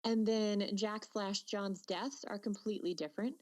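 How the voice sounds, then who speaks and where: A woman's voice: mid-range voice, fairly even intonation, moderate pace, a little mellow, dry recording, poor audio. A woman co-hosting a casual podcast, chatty and full of fillers and restarts. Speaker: podcast co-host.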